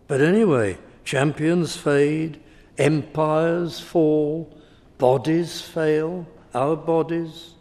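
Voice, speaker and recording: A man's voice: on the high side, steady tone, drawn-out words, darkish tone. A man preaching a sermon, speaking emphatically and returning again and again to a repeated refrain. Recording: reverberant hall.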